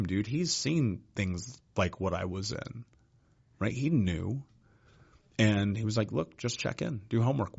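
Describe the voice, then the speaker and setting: A man's voice: on the low side, lo-fi sound. A man as a podcast guest, telling his life story in a blunt, casual way with frequent swearing and "dude.". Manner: blunt, profane, says "dude" often.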